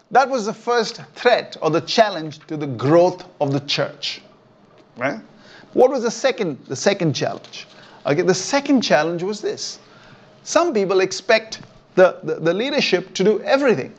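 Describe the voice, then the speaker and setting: A man's voice: sits high, muffled recording. A man preaching a sermon in a conversational way, often checking in with his listeners. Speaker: pastor. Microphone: online church stream.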